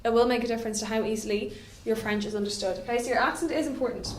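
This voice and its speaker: A woman's voice: on the high side, steady tone, rapid-fire, slight background noise. A woman, giving a chatty classroom lecture as a French teacher and checking in with "okay?" often. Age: 20s. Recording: echoey room, voice from a distance.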